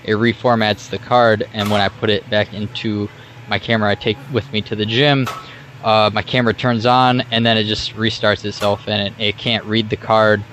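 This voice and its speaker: Rambling low-voiced young man vlogging. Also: flat delivery, moderate pace, fairly bright tone, slight background noise. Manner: rambling, with many fillers and restarts. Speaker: fitness vlogger. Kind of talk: casual workout vlog voice-over.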